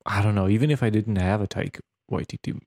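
A man's voice: fairly low pitch, fast, a little mellow. A man co-hosting a podcast, chatting casually and animatedly about a film with frequent restarts and laughs. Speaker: podcast co-host. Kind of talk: casual movie discussion.

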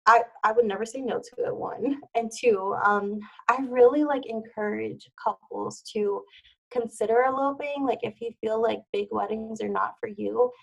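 A woman guest on a podcast talks in a loose, easy way, dropping "like" into nearly every phrase. Her voice sits a little high and has a gravelly edge of fry. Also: fairly even intonation, moderate pace, rough recording. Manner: chatty, with many "like" fillers. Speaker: wedding planner, podcast guest. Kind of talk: casual interview chat.

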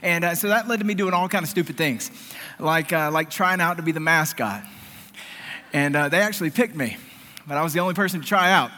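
A man's voice: a little high, brisk, sharp tone, in a large hall. A man in his thirties giving a sermon-style talk to students, shifting from self-deprecating stories to earnest, emphatic points. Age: 30s. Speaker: speaker addressing students.

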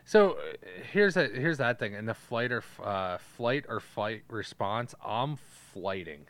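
A man's voice: mid-range voice, lively intonation, unhurried, a bit bright, no echo. A young adult man co-hosting a podcast, telling a story in laid-back casual chat with frequent swearing and "uh" fillers. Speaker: podcast co-host.

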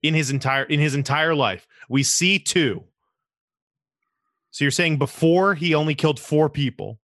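A man's voice: a little high, a bit bright. A man co-hosting a podcast, chatting casually with rambling jokes and asides. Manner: joking, rambling, quick asides. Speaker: podcast co-host. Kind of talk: casual comedic chat.

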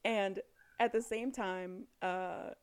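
A woman co-hosting a casual chat, retelling a story with quick quoted lines and frequent laughter. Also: mid-range voice, steady tone, smooth. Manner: chatty, laughs often, acts out lines of characters in passing. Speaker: podcast co-host recapping a book.

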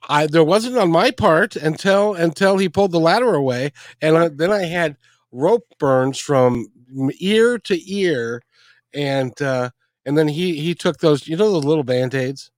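Hesitant man with halting speech. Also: fairly high pitch, no room sound, studio quality. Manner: hesitant, halting, many restarts. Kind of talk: conversational storytelling.

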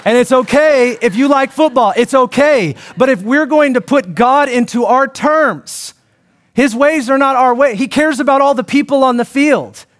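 A man with a fairly high voice preaching a sermon. He talks to his congregation in an animated, conversational way, breaking off into asides and restarting his sentences. His pitch rises and falls freely as he builds his points. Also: moderate pace. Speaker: pastor.

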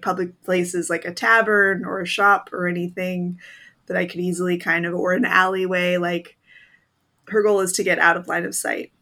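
Bright-voiced woman player, hesitant. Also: lowish voice. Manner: hesitant, full of fillers. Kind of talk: casual tabletop role-play.

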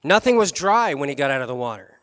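A pastor preaching a sermon tells a personal story with animated delivery, chuckling along the way. His voice is fairly high and his pace quick.

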